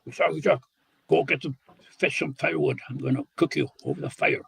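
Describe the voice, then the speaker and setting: A man doing a booming cannibal Wihtikow monster. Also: fairly even intonation, a little fast, creaky, breathy edge, no room sound, exaggerated voice. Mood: menacing. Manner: loud hollering threats.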